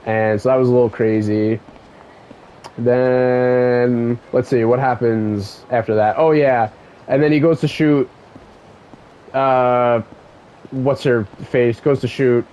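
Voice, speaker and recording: A man's voice: medium pitch, takes it slowly, pauses often, dull audio, a little hiss or hum. A young man recapping a game plot while playing, rambling with many restarts and profane outbursts. His voice sits in a middle register and jumps up when he gets heated. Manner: rambling, profane, excitable asides. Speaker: let's play gamer. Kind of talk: casual game story recap.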